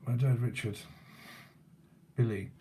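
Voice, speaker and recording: A male tarot reader channels spirits, musing aloud in a loose, casual way and often chuckling. He speaks slowly at a middling pitch. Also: steady tone, dark tone, a little hiss or hum. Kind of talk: psychic channeling session.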